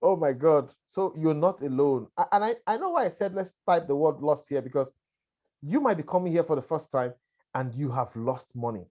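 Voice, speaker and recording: Coughing now and then from a lingering cough, a man delivers a chatty, repetitive webinar presentation on a conference call, checking in with listeners via "all right" and "right." His voice is on the high side, animated and a little mellow, at normal speed.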